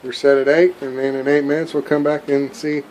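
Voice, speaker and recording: A man's voice: fairly high pitch, level tone, brisk, a little mellow, slight background noise, rough recording. A middle-aged man, a dad, talking casually and folksily while baking cookies at home with his daughter for a vlog. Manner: easygoing, homely folksy talk. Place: home kitchen.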